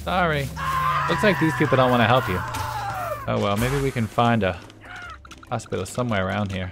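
Over game music, a gameplay commentator delivers let's play commentary, talking animatedly to his viewers and often laughing in exclamations. His creaky voice is medium-pitched and brisk.

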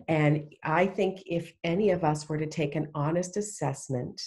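A middle-aged woman with a low voice talks earnestly as a podcast guest. Her speech is heartfelt and emphatic, with frequent restarts. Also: moderate pace, darkish tone. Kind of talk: casual faith conversation.

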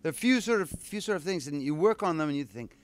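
A man's voice: a little high, animated, fast, clean tone. A man, a voice actor, musing aloud with many restarts and asides in a casual convention interview. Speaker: voice actor guest.

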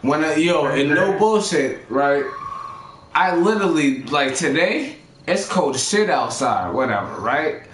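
A man's voice: fairly high pitch, animated, unhurried, a bit bright, reverberant, slight background noise. Profane rambling young man telling a story. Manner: rambling, profane, acts out quotes. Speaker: storyteller among friends. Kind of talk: casual storytelling chat.

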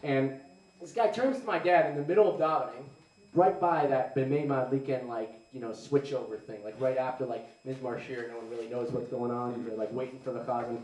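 A man's voice: mid-range voice, steady tone, fairly quick, darkish tone. A young adult man doing a live stand-up set, rambling and sarcastic with lots of "like"s. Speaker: stand-up comedian. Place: live comedy venue. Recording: roomy, mic heard from a distance.

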